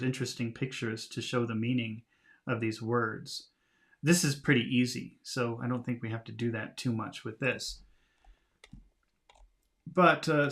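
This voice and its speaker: A man's voice: medium pitch, a bit bright. A man teaching English, reading a storybook aloud and patiently explaining its words with small laughs, streaming live from home.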